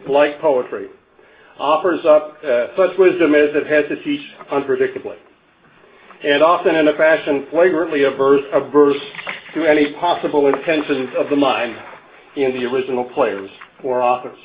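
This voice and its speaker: An older man from Canada delivers a conference lecture with wry humour. His voice sits a little high, often breaking into chuckles and stammered restarts. The sound is narrow and thin, like it came down a phone line. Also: moderate pace, slight background noise.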